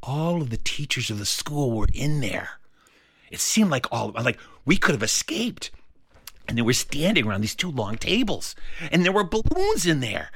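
A man's voice: mid-range voice, moderate pace, gravelly, breathy edge. A man telling a childhood story as a performed storytelling piece, playful and acting out the characters. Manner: animated, playful, acts out every character.

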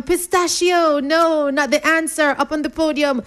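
A woman's voice: high-pitched, steady tone, unhurried, fairly bright tone. A woman hosting a radio quiz, reading listeners' answers in a playful, rhyming patter.

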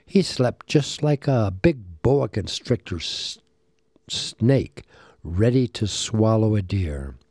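A man telling a folk tale in storybook narration, animated and voicing the characters. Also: lowish voice, slow, husky, dry recording, studio quality. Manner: animated, voices the characters, asides to a listener.

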